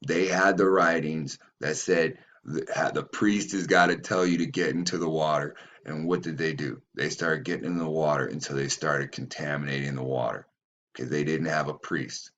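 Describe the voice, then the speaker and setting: A man's voice: a bass voice, fairly even intonation, moderate pace, a bit bright, dull audio, slight background noise. A man hosting his own channel, reading passages aloud and commenting on them in a profane, rambling way, stumbling over names. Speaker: channel host.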